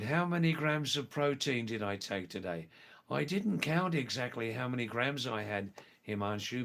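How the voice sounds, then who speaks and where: An older man, hosting a live stream and chatting with viewers in a relaxed, unhurried way. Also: mid-range voice. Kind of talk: casual live-stream chat reading viewer comments.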